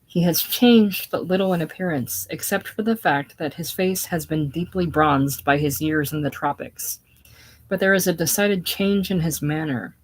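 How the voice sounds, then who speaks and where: A woman reading the stage directions of a play aloud, steady with small slips. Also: low-pitched, normal speed, poor audio. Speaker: reader.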